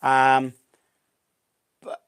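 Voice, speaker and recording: A New Zealand man hosting a casual live stream, chatting in a relaxed way, full of slang and reading out viewer comments. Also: medium pitch, very slow, smooth. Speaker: livestream host.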